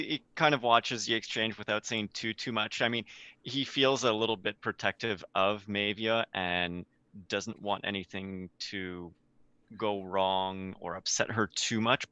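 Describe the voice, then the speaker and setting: Man, tabletop player, low pitch, bright tense tone, easygoing. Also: clear, resonant tone, dry recording, highs cut off. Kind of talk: casual tabletop game chat.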